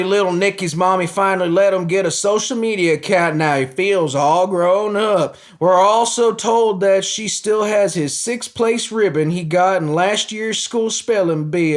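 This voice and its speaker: A man's voice: sits high, normal speed, hardly any pauses, close to an everyday voice. A man voicing a boozy, potbellied male country sheriff with a put-on Southern drawl, smug and mocking.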